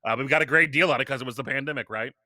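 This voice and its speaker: A man's voice: medium pitch, racing, no room sound, studio quality. A man guest on a podcast, talking casually and telling stories with energy, often restarting his sentences. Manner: energetic storytelling with frequent restarts. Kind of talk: casual interview talk.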